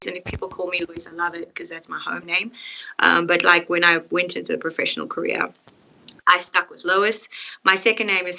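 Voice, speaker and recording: South african woman, bright voice, laughs a lot, kinda dull lo-fi audio. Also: fairly low pitch, gravelly. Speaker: guest singer. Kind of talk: casual interview chat.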